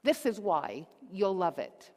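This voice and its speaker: A woman's voice: lowish voice, very animated, slow, darkish tone. Woman giving a conference talk, upbeat, keeps quizzing the crowd, big hall reverb. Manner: upbeat, polls the audience with questions. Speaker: conference speaker. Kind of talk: live presentation to an audience.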